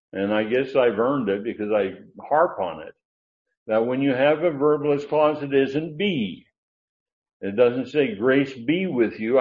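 A man teaching Bible grammar in a lecture, rambling with fillers and restarts, then pressing hard on his key points. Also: medium pitch. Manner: digressive, with many fillers and restarts. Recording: dull, lo-fi sound.

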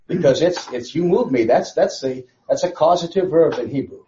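A man's voice: a little high, normal speed, dull audio, background noise. A man teaching a conversational Bible study. He speaks emphatically, asks rhetorical questions and repeats phrases for stress.

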